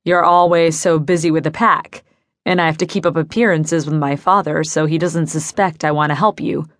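A woman's voice: deep voice, steady tone, normal speed, no echo, clean studio sound, natural voice. A woman voicing an earnest, angry young man in an audiobook, speaking in an urgent, serious manner.

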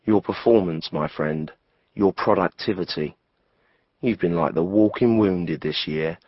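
A coarse, sneering City boss with a gruff, mocking voice. His tone sits low and dry, heard on a slightly dull recording. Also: unhurried, no room sound. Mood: contemptuous.

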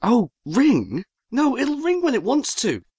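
A woman's voice: mid-range voice, wildly swooping pitch, normal speed, dry recording, studio quality. A woman voicing an exasperated young man who grumbles at his useless demon servant.

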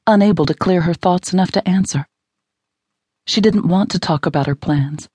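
Female romance audiobook narrator, low pitch, dry studio sound. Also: a little mellow, husky, dry recording.

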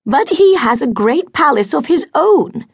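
A woman's voice: high-pitched, very animated, measured pace, gravelly, dry recording, studio quality, voice pushed up, exaggerated voice. A woman voicing a fretful, social-climbing titled mother in an audiobook, exclamatory and plaintive.

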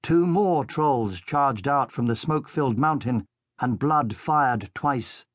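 Slow, measured male storybook narrator. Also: mid-range voice, animated, dry recording, studio quality. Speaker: audiobook narrator. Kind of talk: scripted children's audiobook narration.

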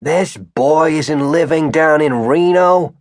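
A man voicing an indignant, suspicious old male shopkeeper in an audiobook, with a husky, rattling voice and slow, pointed questions. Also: on the high side, no echo, studio quality, voice pushed up. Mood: scornful. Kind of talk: audiobook character voice.

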